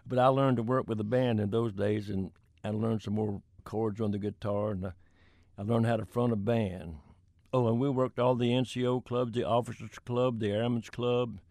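An older man with a drawl spins folksy anecdotes, chuckling now and then. His voice sits low with a gravelly texture, and the recording is dry and close. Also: darkish tone, dry recording. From Florida. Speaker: country singer-songwriter guest. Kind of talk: storytelling in an interview.

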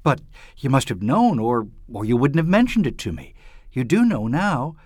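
A man reading aloud and voicing a desperate, pleading young woman who plays the femme fatale, his voice climbing high as she begs. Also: very animated, moderate pace, darkish tone, slightly rough, no echo, clean studio sound. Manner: breathless, pleading, rising to cries. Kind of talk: audiobook reading.

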